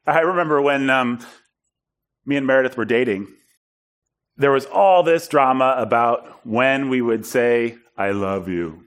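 A man preaching in a storytelling style, animated and self-deprecating, acting out bits of dialogue. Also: mid-range voice, a little slow, long pauses. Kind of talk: storytelling sermon.

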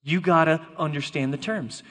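Bright-voiced man preaching a lively sermon. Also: fairly high pitch, moderate pace. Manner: playful, jokes with volunteers, emphatic. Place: church hall before a congregation. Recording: long reverb of a large hall.

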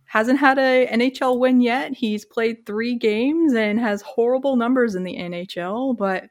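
A woman co-hosting a casual sports podcast, chatty and quick to laugh. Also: fairly high pitch. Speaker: podcast co-host.

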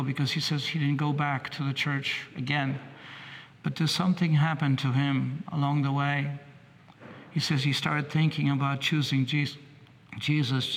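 A man preaching, retelling another man's conversion story in a halting, repetitive way, with many restarts. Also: a little high, slight background noise. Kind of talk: sermon storytelling. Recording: long hall reverb.

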